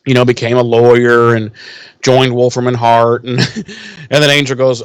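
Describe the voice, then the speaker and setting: Smooth-voiced man recapping with laughs. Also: medium pitch, little pitch movement, moderate pace, long pauses, no room sound. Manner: laughing, profane, retells scenes in quoted voices. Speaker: podcast co-host. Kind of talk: casual recap chat.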